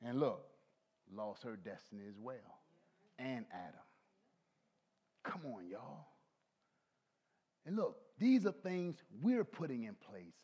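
A middle-aged male pastor preaching a folksy sermon, swinging from low soft asides to shouted peaks. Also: sing-song, takes it slowly, long pauses, husky. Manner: folksy, talks to the congregation.

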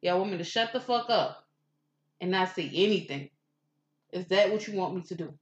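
A fiery, foul-mouthed woman co-hosting a podcast is in the middle of a heated, confrontational rant. Her voice is on the low side, expressive, at normal speed, and the lo-fi audio sounds roomy, dull and muffled.

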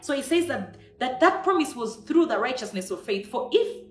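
A woman's voice: high voice, lively intonation, normal speed. A woman preacher giving a devotional sermon, emphatic and repeating her key lines for effect. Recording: echoey room.

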